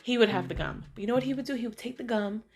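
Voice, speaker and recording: A middle-aged woman hosting a vlog, telling personal stories in a casual, animated way and acting out other people's lines. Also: fairly high pitch, very fast. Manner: animated, acts out friends' voices and lines. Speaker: vlog host. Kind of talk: casual storytelling monologue. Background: music.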